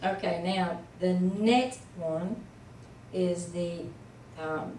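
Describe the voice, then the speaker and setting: A woman tutoring a student in Hebrew reading in a casual one-on-one lesson, patiently sounding out letters and syllables slowly. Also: fairly low pitch, dark tone, echoey room, far from the mic, slight background noise, low-quality recording.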